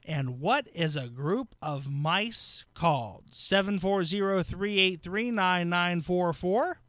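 A man's voice: sits high, slow pace, hardly any pauses, a bit bright, no room sound. A man hosting a local radio call-in trivia show, friendly and chatty with callers.

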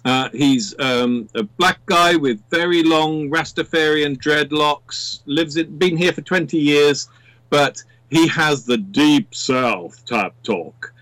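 A man's voice: on the high side, takes it slowly, a bit bright, dry recording, poor audio. A man from England with a southern English accent, chatting casually as a radio guest. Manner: chatty, slips into other accents.

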